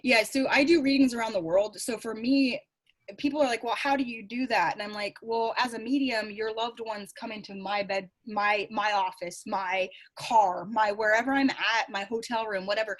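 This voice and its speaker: A woman's voice: a little high, normal speed. A middle-aged woman, a psychic medium guest, chatting and telling stories in a casual interview. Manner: chatty, animated storytelling with laughs.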